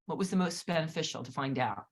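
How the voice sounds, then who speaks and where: A woman's voice: deep voice, lively intonation, fast talker, slightly rough. A woman hosting a podcast, putting questions to a guest and giving short encouraging replies. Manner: brief encouraging backchannels, reads listener questions. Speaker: podcast host. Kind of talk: interviewing.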